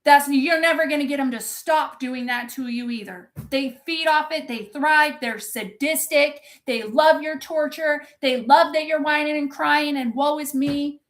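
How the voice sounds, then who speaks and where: A woman with a high voice gives a live-streamed motivational talk. She is intense and profane, hammers her points home and breaks off to answer viewers in the chat. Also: measured pace, few pauses. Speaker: motivational coach.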